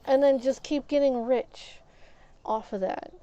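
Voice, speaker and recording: A woman's voice: high voice, steady tone, unhurried, warm tone, dull audio. A woman streamer venting while playing a game, emphatic and frustrated, often repeating words.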